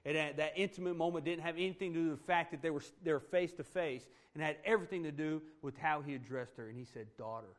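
A man preaching a sermon in a conversational way, checking in with "right?" and swinging between loud emphatic points and hushed, soft passages. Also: a little high, fast, few pauses. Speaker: pastor.

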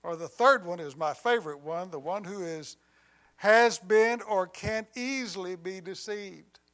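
A man delivering a sermon in a high voice at an unhurried, deliberate pace. He swings from loud emphasis down to hushed, quiet lines and slips in humorous asides along the way. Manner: deliberate preaching with dramatic swings in volume, dropping to near quiet on key lines. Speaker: pastor.

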